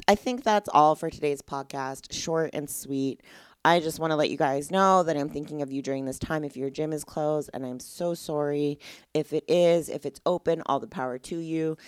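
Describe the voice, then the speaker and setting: Young woman host, low and dry, candid rambling chat, fed-up tone. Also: smooth, dry recording. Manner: candid, exasperated, rambling with lots of "like". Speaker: podcast host. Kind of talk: casual solo podcast chat.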